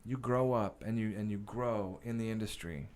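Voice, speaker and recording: A man with a somewhat low voice tells stories as a podcast guest. His speech is casual and profane, and it wanders with plenty of fillers and restarts. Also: steady tone, normal speed, a little mellow. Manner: profane, rambling, many fillers. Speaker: guest actor and director. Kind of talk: casual interview storytelling.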